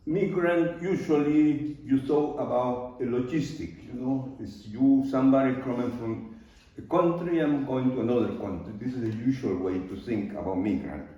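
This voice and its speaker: An older Peruvian man with a Spanish-accented voice talks to an audience at an easy pace, pausing often with loose grammar. His voice is mellow and low in brightness. It is heard from across a very echoey studio, with a slightly dull sound. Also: slight background noise. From Peru. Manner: unhurried, loose grammar, pauses and fillers. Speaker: artist giving a talk. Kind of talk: live talk to an audience. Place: large art studio. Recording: very echoey room from far off, dull.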